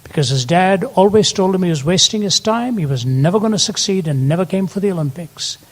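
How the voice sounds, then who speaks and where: A man's voice: sits high, lively intonation, a little fast. An older man preaching a sermon, telling stories earnestly and building to emphatic peaks. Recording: long hall reverb.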